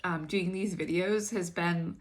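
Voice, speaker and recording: A woman speaks in a somewhat low, husky morning voice. She hosts a casual daily spiritual message and encourages her listeners earnestly. She repeats her phrases for emphasis. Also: steady tone, a little slow. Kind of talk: casual spiritual talk to camera.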